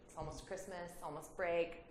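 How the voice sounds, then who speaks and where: A woman's voice: lowish voice, moderate pace, a little hiss or hum. A woman, telling a personal story as a guest speaker at a community hall. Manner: animated, laughing storyteller. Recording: roomy hall with faint ambience.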